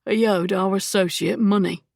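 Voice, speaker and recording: A woman reading an audiobook voices a rough-spoken male thug who sneers and threatens as he bosses the others around. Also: mid-range voice, fairly even intonation, normal speed, darkish tone, dry recording, clean studio sound. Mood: menacing.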